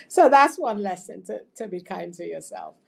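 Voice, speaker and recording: A woman's voice: mid-range voice, lively intonation, measured pace, gravelly, slightly rough. A woman hosting an interview who sums up her guest's points and laughs often. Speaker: interview host. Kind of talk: casual interview chat.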